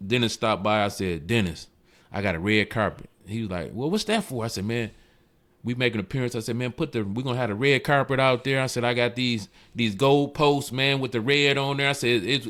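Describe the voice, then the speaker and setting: A man, a car club president, telling stories in a casual interview and acting out the voices of the people he quotes. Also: clean tone. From Michigan. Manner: animated, acts out quoted voices with big jumps in pitch.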